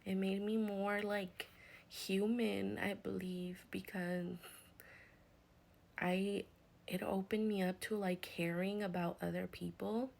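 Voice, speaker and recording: A woman in a whispered guided healing session, speaking in a soft, soothing whisper with gentle reassurance. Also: medium pitch, level tone, slow pace, creaky, poor audio. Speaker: reiki healer.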